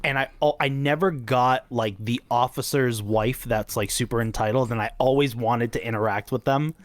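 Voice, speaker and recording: A man's voice: medium pitch, steady tone, normal speed. Man hosting a casual podcast. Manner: loose, rambling questions with many fillers. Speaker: podcast host. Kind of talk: casual interview chat.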